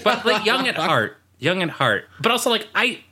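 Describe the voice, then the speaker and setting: A man co-hosting a podcast in casual chat, animated and jokey, riffing on a TV show. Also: sits high, normal speed, slightly rough. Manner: animated and jokey, breaking into bits. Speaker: podcast co-host.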